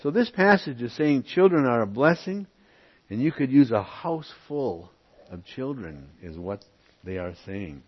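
A man's voice: mid-range voice, lively intonation, a little slow, breathy edge. A man teaching a Bible lesson, reading verses aloud and stopping to explain them with asides. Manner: reads verses aloud, then comments with asides. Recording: muffled lo-fi recording.

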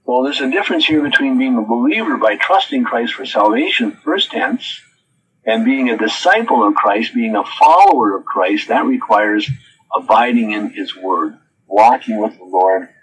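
Man, preacher, sermon, reads then rebuts, lively pitch. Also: moderate pace, a little hiss or hum, rough recording. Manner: reads quotes from notes, then rebuts them with questions.

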